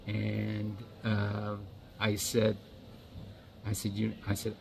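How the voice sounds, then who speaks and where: A man from the United States, telling a story in a rambling, halting way and often repeating his words. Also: fairly low pitch, monotone, gravelly, background noise. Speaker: watch vlogger. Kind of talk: casual storytelling.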